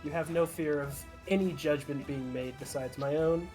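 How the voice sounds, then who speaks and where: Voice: mid-range voice, steady tone, moderate pace, mellow, faint music behind, lightly acted. Frederick Ficklebottom, a player doing a haughty merchant lord. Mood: commanding.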